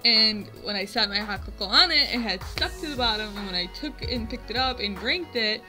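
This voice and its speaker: A young woman voicing her own exasperated mother, flatly and patiently explaining something obvious. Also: on the high side, a little fast, music in the background, natural voice. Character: exasperated, matter-of-fact middle-aged mother.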